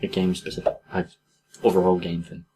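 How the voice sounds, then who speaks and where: A man with a fairly low voice, talking in a rambling, hedging way on a podcast. He laughs often between thoughts. Faint noise sits under his voice. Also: completely flat delivery, fast, mellow. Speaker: podcast co-host. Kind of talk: casual chat.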